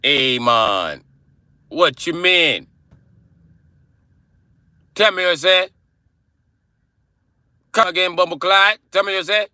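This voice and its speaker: Brash, mocking Jamaican figure, pitched high, very animated. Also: male voice, slow pace, long pauses, smooth, no echo, exaggerated voice. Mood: taunting. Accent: put-on Jamaican. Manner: taunting, sing-song, cursing.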